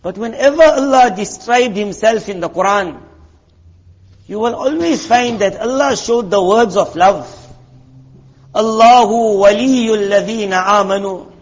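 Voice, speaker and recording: An Islamic preacher with a high, husky voice delivers a sermon in a chatty, storytelling style, repeatedly posing rhetorical questions to his listeners. He speaks expressively and a little slowly in a large hall, and the recording is muffled and lo-fi.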